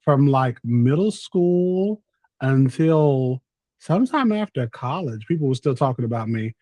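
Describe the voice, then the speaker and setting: A man's voice: mid-range voice, lively intonation, measured pace, warm tone, no room sound. A man in his thirties with a Southern US accent, a talkative, playful podcast guest in casual chat. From North Carolina, US. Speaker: podcast guest, content creator.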